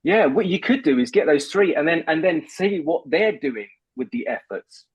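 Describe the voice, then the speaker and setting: A man's voice: a little high, normal speed, breathy edge. A man, a voice coach explaining technique in a casual podcast chat. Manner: animated, explains with examples. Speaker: voice coach guest. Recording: dull, dry, slightly lo-fi.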